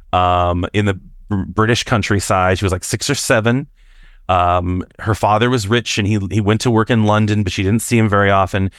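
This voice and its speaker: A man calling in to tell a personal story in a casual, halting way, jumping higher when he acts out quoted voices. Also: smooth, no echo, clean studio sound. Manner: animated, jumps up in pitch to act out quoted voices; halting, with restarts and fillers. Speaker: caller sharing a personal experience.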